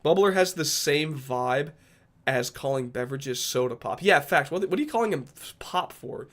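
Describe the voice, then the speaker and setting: A man's voice: on the high side, expressive, normal speed, a bit bright. A man from Rhode Island chatting casually with viewers on a livestream, rambling and joking with a fair amount of profanity. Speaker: streamer.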